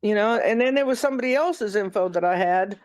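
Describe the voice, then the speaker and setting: A woman's voice: medium pitch, fairly quick, a little mellow, dry recording. A woman from New Mexico ranting heatedly and swearing as a panel guest on a live stream. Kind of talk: casual live-stream chat.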